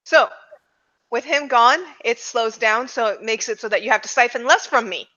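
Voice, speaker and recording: Female player, chatty and laughing; bright, slightly high voice, muffled audio. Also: moderate pace. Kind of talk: tabletop game chat.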